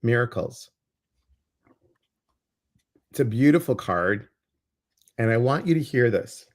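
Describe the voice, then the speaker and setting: With a medium-pitched, animated voice, a man hosts a livestream as an intuitive coach, taking it slowly with long pauses. He chats casually, says hello to viewers and reads their comments, warmly addressing them directly.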